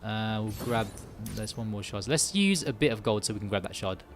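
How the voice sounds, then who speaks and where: Lowish guy streaming a game, thinking out loud, lots of ums and self-corrections, bit of music in the back. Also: lively intonation, fairly quick. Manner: thinks aloud, muttering and correcting himself. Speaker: gaming streamer. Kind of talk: casual live-stream commentary while playing.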